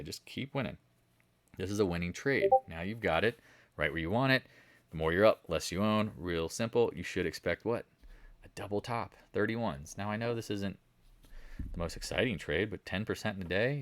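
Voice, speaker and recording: A man's voice: fairly low pitch, a bit bright, no echo. A man from the Southern United States hosting a market recap, talking in a casual, rambling way and repeating his points. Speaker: stock trading video host.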